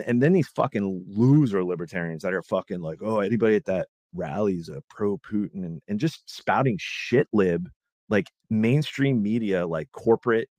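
Casting: low-voiced man, heated profane rant, dry close sound. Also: darkish tone, dry recording. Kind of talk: casual political chat.

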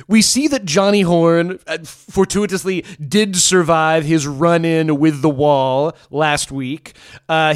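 Male podcast co-host, smooth clear voice, slightly high, chatty and rambling. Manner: rambling, self-interrupting, chuckling descriptions. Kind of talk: casual podcast discussion.

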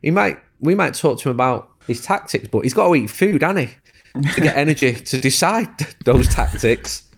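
A man's voice: a little high, expressive, moderate pace, creaky, slightly rough. A man who works as a football reporter, telling a story on a podcast with frequent laughs. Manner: laughing, anecdotal.

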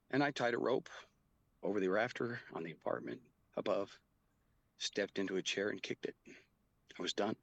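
A middle-aged man, a guest telling a personal story in an earnest, halting way. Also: deep voice, creaky, slightly rough, no room sound. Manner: earnest, halting, with quoted dialogue.

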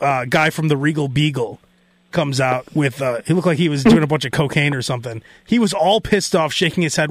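A man tells a story on his radio show, playing out the voices of the people in it. His voice sits high, and the studio sound is dry and close. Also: no echo. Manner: animated, mimics people in quotes. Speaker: radio host. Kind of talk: casual storytelling chat.

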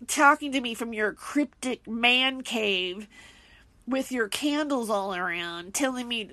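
A woman's voice: fairly high pitch, animated, slow pace, sharp tone, dry recording. A woman hosting a solo podcast, talking in an indignant, heated, rambling way with many fillers. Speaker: podcast host.

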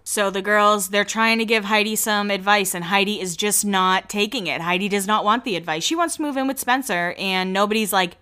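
A woman's voice: mid-range voice, a little fast, hardly any pauses, pushed and bright, clear, resonant tone. Chatty woman hosting a podcast. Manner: chatty, gossipy, playful. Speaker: podcast host. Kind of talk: casual TV recap podcast.

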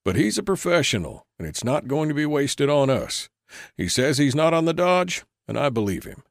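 A man doing a calm, grave saloon boss. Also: on the high side, moderate pace, gravelly, no echo, pitched above the performer's own voice. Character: calm dignified male saloon owner, cold and grave. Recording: dry close recording.

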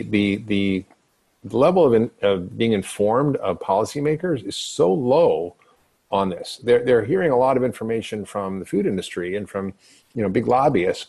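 Low-voiced earnest male podcast host. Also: a little mellow. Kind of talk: conversational interview.

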